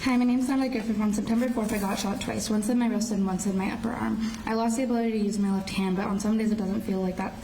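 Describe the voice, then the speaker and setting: Teenage girl, courtroom statement, monotone delivery, subdued and halting, distant faintly noisy recording. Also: mid-range voice. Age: teens. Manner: halting, restarting phrases. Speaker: shooting survivor giving a victim impact statement. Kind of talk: reading a prepared statement aloud.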